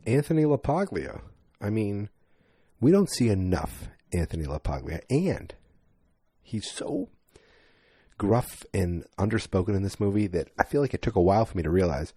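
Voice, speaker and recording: A man's voice: fairly low pitch, big pitch swings, moderate pace, warm tone, breathy edge, no room sound, clean studio sound. A man hosting a podcast, giving a casual, rambling movie review monologue that often corrects itself. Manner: rambling, self-correcting, chatty. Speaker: podcast host.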